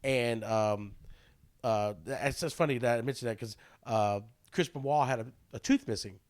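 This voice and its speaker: A man's voice: medium pitch, moderate pace, a little mellow. A young man co-hosting a casual podcast, rambling through his points with many fillers and restarts, often laughing and swearing. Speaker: podcast co-host.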